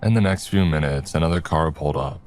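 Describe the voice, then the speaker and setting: A man reading a horror story aloud in a steady first-person narration. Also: extremely low pitch, fast. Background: faint music.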